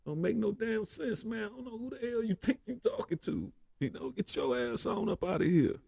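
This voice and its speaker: A man's voice: sits high, lively intonation, brisk, creaky, a little mellow, breathy edge, no room sound. A man hosting a political commentary show, ranting heatedly with constant profanity and repeated "man".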